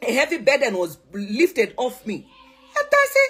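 Animated scolding Zambian woman. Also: high-pitched, moderate pace. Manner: scolding, switches between English and local words, mocking repeats. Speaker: social media influencer. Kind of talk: heated vlog rant.

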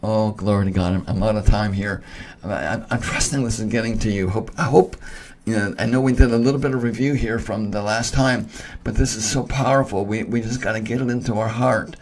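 A man's voice: lowish voice, fairly even intonation, brisk, darkish tone, a little hiss or hum. A man preaching a recorded sermon, earnest and emphatic, who often restarts words and asks his listeners "amen?".

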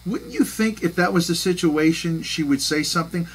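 Bright, raspy-voiced man, animated. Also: fairly high pitch, moderate pace, low-quality recording. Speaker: podcast co-host. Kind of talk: casual comedic chat.

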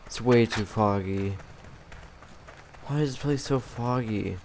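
A man giving casual, rambling commentary while playing a game, poking fun at himself and getting excitable. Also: fairly low pitch, slow pace. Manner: rambling, self-mocking, excitable. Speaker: gamer. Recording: noticeable background noise.

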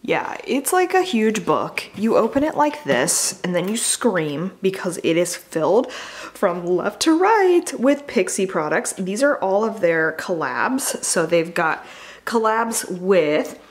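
A woman with a somewhat low voice unboxes beauty products in a relaxed, chatty way. She talks like a makeup artist, upbeat and full of casual asides. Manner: chatty and enthusiastic, with fillers.

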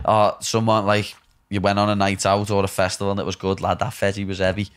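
A man's voice: lowish voice, completely flat delivery, fast talker, smooth. A man with a Liverpool Scouse accent hosting a podcast, chatting casually in loose slang, rambling and playful. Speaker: podcast host. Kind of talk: casual chat.

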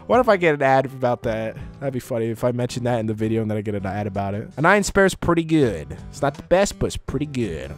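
A man giving casual gameplay commentary close to his microphone, joking at his own expense, laughing often and breaking into sudden excited outbursts. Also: medium pitch, fast talker, hardly any pauses, soft background music. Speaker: gaming YouTuber.

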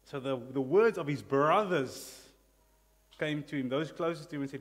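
Animated South African pastor preaching. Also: male voice, on the high side, moderate pace. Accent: South African English. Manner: animated, calls out hallelujah and amen. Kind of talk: sermon. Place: church. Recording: long reverb of a church hall.

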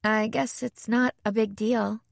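A woman's voice: on the high side, fairly even intonation, a little slow, gravelly, dry recording, studio quality. A woman voicing a tired, anxious young bride who speaks hesitantly. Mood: weary.

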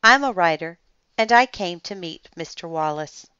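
A woman voicing a shy, nervous woman writer with a soft, trembly voice in a storybook reading. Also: on the low side, lively intonation, moderate pace, clean tone, no room sound, dull audio.

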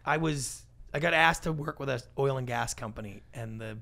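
A man speaking as a guest in a conversational podcast interview, an animated storyteller with a big, energetic personality who acts out what people said. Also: mid-range voice, moderate pace, gravelly. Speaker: guest, pitch coach and TV producer.

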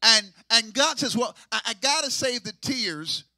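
Man, pastor, high voice, very bright and forceful, half-sung call-and-response sermon. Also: animated, a little slow, dry recording. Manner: call-and-response preaching, swinging from hushed to near-sung shouts.

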